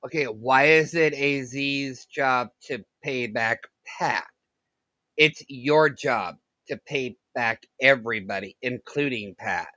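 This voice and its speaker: A woman's voice: very deep voice, takes it slowly, fairly bright tone, dry recording, low-quality recording. A woman reacting to clips with sarcastic remarks, often breaking into laughter. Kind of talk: reaction commentary.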